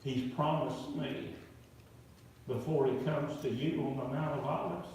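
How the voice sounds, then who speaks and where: A man's voice: medium pitch, unhurried, a little hiss or hum. A man preaching at a revival, telling stories and acting out the people in them. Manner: animated storyteller, acting out quoted voices. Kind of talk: revival sermon storytelling. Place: large church sanctuary. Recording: echoey church, voice from far off.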